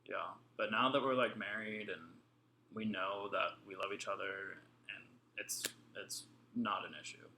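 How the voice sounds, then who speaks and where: A young man chats casually through a live family vlog Q&A. His voice is bright, and he laughs easily as he tells stories. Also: on the low side, steady tone, a little slow, slight background noise. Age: young adult. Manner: chatty, laughs often, storytelling. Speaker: vlog co-host.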